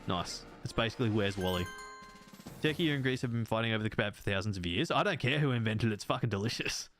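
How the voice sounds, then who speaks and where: A man's voice: on the low side, expressive, quick pace, fairly bright tone, soft background music. An Australian man in his thirties, chatting and rambling casually while he plays a game, laughing often. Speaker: gaming streamer. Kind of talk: casual chat while playing.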